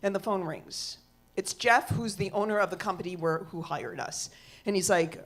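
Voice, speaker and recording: A woman's voice: lowish voice, moderate pace. A middle-aged woman telling a comic story on stage, acting out the people in it. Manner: animated, quotes others with big shifts. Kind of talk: live storytelling.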